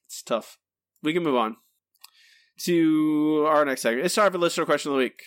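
A man's voice: fairly high pitch, moderate pace, no echo, clean studio sound. A man co-hosting a podcast, giving a candid, critical spoken review in casual chat, hesitant when unsure. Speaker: podcast co-host, episode reviewer.

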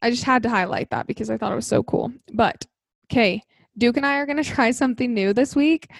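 A bubbly, upbeat young woman co-hosting a casual podcast. Her voice sits a little on the higher side. The sound is dry, with no room echo. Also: fairly quick, gravelly. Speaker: podcast co-host.

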